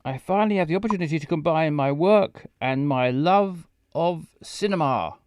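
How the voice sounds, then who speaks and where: A man's voice: on the high side, expressive, moderate pace, darkish tone, clear, resonant tone, dry recording, lightly acted. Guy reading out a fretful drama-queen heroine, dry close sound. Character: anxious dramatic young woman protagonist.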